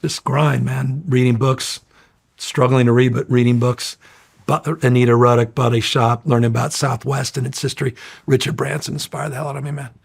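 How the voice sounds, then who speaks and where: A middle-aged man telling stories in a casual interview, energetic, rambling and profane. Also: medium pitch, moderate pace, creaky, breathy edge. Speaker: interview guest.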